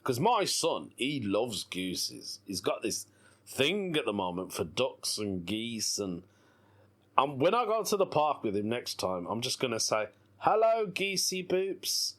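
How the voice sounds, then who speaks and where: This solo podcast comes from a British man in his thirties whose mid-range, fairly bright voice is very animated yet unhurried. Laughing often, he keeps things playful and giggly, with faint background music underneath.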